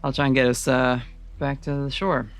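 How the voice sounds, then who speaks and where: A game master voicing Tommy, a relaxed, affectionate young male werewolf, in a tabletop game. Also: mid-range voice, normal speed, lightly acted. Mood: tender.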